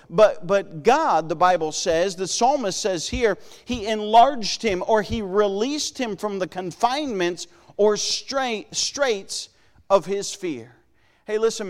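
A man's voice: sits high, in a large hall. A man preaching a sermon in an earnest manner, repeating words and calling out to listeners.

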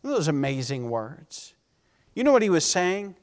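A man preaching a sermon as pastor, fervent and pleading, at times dropping his voice to a soft, intense hush. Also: on the high side, big pitch swings, unhurried, in a large hall.

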